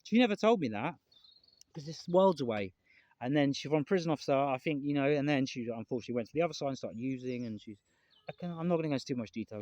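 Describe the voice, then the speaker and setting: This man vlogs casually to the camera in a mid-range voice, rambling, earnest and emotional. He often repeats himself and swears. The sound is lo-fi with no echo.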